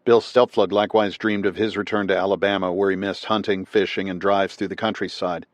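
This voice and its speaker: Male audiobook narrator, low voice, dry booth sound, measured scripted delivery. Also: no room sound. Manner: measured, steady reading.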